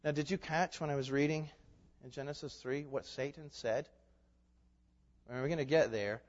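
A man preaching a sermon in a church, lively and emphatic, moving between loud declarations and quiet asides. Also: on the high side, normal speed. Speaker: pastor. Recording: dull sound with long hall reverb.

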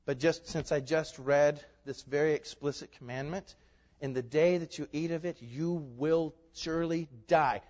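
A man preaching a sermon in a church, lively and emphatic, moving between loud declarations and quiet asides. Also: a little high, a little slow. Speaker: pastor. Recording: dull sound with long hall reverb.

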